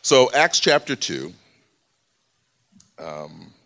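A man's voice: medium pitch, sing-song, drawn-out words, a bit bright. A man preaching in a church, explaining scripture in a casual, conversational way with many fillers. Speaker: pastor. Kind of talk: sermon.

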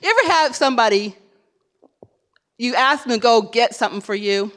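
Woman preacher, high voice, insistent and repetitive sermon delivery. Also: expressive, moderate pace, pauses often, a bit bright. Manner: emphatic, repetitive exhortation.

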